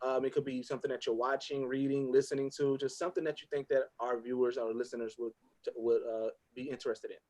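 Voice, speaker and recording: A man hosting a podcast, relaxed and affirming in casual interview chat. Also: mid-range voice, fast talker. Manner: relaxed, affirming, brief replies. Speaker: podcast host.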